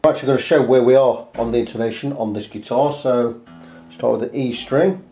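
A man explains a guitar setup in a relaxed, practical way, thinking out loud as he goes and dropping in "um"s and "uh"s. His voice sits at an ordinary middle pitch. The sound carries a noticeable room echo from the workshop around him. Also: a little fast. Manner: casual, practical, talks through each step with fillers. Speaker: guitar repair technician. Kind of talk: workshop tutorial talk.

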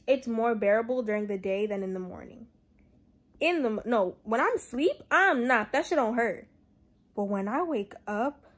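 A young woman talking casually to camera about her days, blunt, slangy and swearing a lot. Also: medium pitch. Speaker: vlogger. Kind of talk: casual vlog talk to camera. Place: at home.

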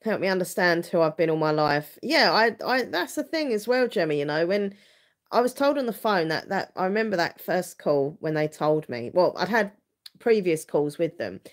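A woman's voice: lowish voice, sing-song, moderate pace. A woman in her thirties chatting openly on a livestream, rambling with frequent restarts. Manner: rambling, frequent restarts and fillers, open and earnest. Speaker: vlogger hosting a livestream. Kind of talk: casual livestream chat.

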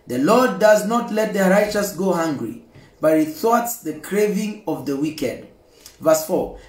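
A man leading fervent prayer and reading scripture in a chanting, repetitive, impassioned way. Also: fairly high pitch. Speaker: preacher. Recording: echoey room with loud backing music.

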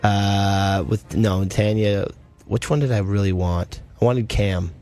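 Man, co-host, lowish voice, laid-back, short replies, casual chat. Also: steady tone, slow pace, darkish tone, faint music behind. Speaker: podcast co-host.

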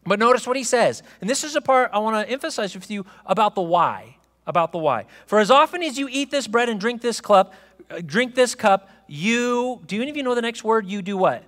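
A man with a notably high voice preaches to his congregation, chatty one moment and emphatic the next, often asking "okay?" His words ring out with the long reverb of a church hall. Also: fairly bright tone. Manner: conversational preaching with frequent "okay?" check-ins; rising to emphatic proclamation. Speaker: pastor. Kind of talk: sermon. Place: church sanctuary.

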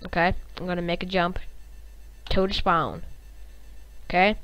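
A woman hosting a gaming channel, giving live gameplay commentary in an excitable, reactive way, cursing and humming little tunes. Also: fairly low pitch, unhurried, clean tone, poor audio.

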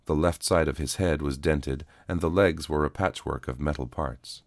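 A man narrating a first-person story in a steady, intimate reading. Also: very deep voice, moderate pace, no echo, studio quality.

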